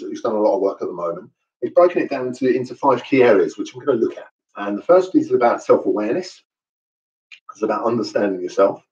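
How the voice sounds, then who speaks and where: A man's voice: medium pitch, a little mellow. A man from London hosting a casual online training session, chatty and jokey with plenty of fillers. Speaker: host and trainer. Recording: echoey room, distant mic, dull sound.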